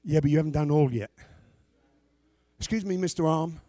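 A middle-aged pastor delivers a sermon in a high, ringing voice with a warm tone at normal speed, booming out scripture and then dropping to low, talky asides to the congregation. The recording is close and dry, without room echo.

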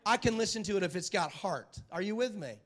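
High-voiced, animated male preacher. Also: a little fast. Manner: animated, dramatic storyteller who asks the crowd for agreement; repeats phrases for emphasis. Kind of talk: sermon with a retold film story.

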